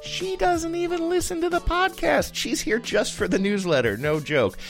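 A man co-hosting a podcast, chatting in an animated, rambling way. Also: very high voice, moderate pace, soft background music. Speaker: podcast co-host. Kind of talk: casual chat.

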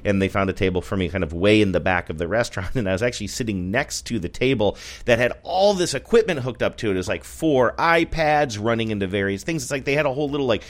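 A man with a very low voice talks loosely on a podcast, rambling and stopping to correct himself. He laughs often between thoughts. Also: lively intonation, quick pace, few pauses. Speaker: podcast co-host. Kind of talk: casual chat. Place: North Seattle area.

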